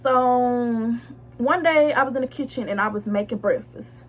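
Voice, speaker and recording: Young woman, fairly high voice, casual storytime vlogger, blunt, slangy, talks straight to viewers. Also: normal speed, a little hiss or hum. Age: young adult. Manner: blunt, slangy and animated, addressing viewers directly.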